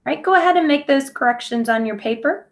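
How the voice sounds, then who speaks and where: A woman's voice: sits high, expressive, fairly quick. A woman teaching a phonics lesson to young children, speaking patiently and over-enunciating sounds.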